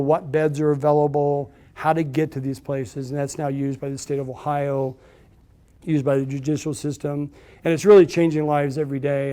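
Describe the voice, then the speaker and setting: A middle-aged man with a high-leaning voice and dark tone speaks at a business event, telling stories to a live audience. His talk is chatty and anecdotal, full of fillers and restarts.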